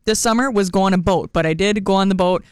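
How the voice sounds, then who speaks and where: A woman's voice: medium pitch, quick pace, darkish tone, no room sound, studio quality. A woman co-hosting a radio morning show, talking in an easygoing, chatty way and laughing often. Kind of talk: casual radio banter.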